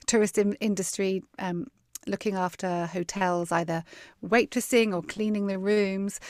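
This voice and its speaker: A woman's voice: medium pitch, dry recording, studio quality. A woman in her fifties with a southern English Dorset accent, a podcast guest chatting cheerfully and laughing often. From south coast of England. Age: 50s. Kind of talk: casual interview chat.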